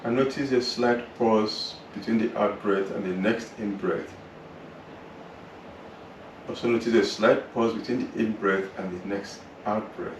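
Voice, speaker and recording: A man teaching yoga, guiding a slow relaxation through the body and then breathing practice in a soothing, unhurried way. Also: lowish voice, steady tone. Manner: slow, soothing, drawn-out guidance. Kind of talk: guided relaxation and yoga instruction. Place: yoga class room. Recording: roomy, distant mic with faint noise.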